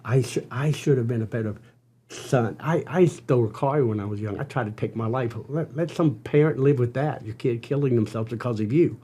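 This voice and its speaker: An older man, a podcast guest, telling an earnest personal story with halting restarts. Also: medium pitch, warm tone, breathy edge. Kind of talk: storytelling interview.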